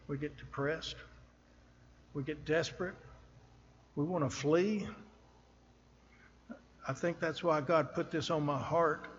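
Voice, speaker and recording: Slow, earnest male preacher in a reverberant church. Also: a little high, muffled recording, a little hiss or hum. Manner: earnest, slow and emphatic, rising on scripture. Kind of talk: sermon. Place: church sanctuary at a pulpit.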